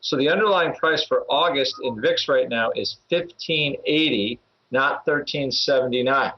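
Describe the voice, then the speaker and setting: A man's voice: medium pitch, normal speed, slightly rough. A man co-hosting a podcast, explaining trades casually in a rambling way, full of fillers and little chuckles. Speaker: options trader and regular co-host. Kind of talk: casual podcast market talk. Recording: slightly muffled podcast audio.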